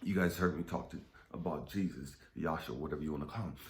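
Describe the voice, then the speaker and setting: Deep-voiced, impassioned spiritual speaker. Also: male voice, fast talker. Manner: impassioned and confessional, dropping to whispers, with frequent profanity. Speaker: spiritual channel host. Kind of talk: emotional spiritual monologue. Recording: echoey room.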